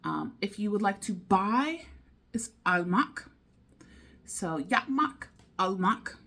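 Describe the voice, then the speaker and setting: A woman's voice: mid-range voice, big pitch swings, takes it slowly, fairly bright tone. A woman vlogging her language study, thinking aloud, repeating foreign phrases and drifting into chatty asides with little laughs. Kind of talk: casual study vlog.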